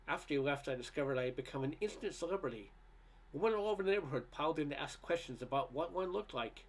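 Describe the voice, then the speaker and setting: A man's voice: a little high, expressive, fast. A man from Canada reading a humorous essay aloud, with frequent restarts and fillers. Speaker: reader.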